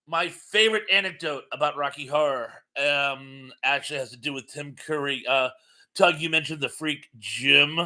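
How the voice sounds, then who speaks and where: A man from Massachusetts hosting a casual live-stream chat with a very bright, forceful tone. His voice sits a little higher than most men's, and he reads out viewer comments in a chatty, chuckling way.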